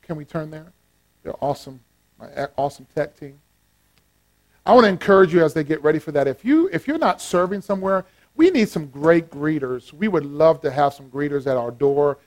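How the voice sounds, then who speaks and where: A man preaching a sermon, animated and playful, swinging from loud exclamations to low asides and joking with the congregation. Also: a little fast. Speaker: pastor.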